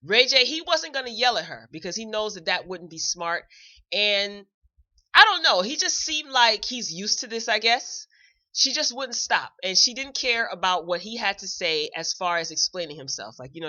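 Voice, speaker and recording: A woman's voice: mid-range voice, sharp tone, dull audio. A woman hosting a show, giving a chatty, opinionated recap in a casual, blunt way. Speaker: show host reviewing a celebrity video.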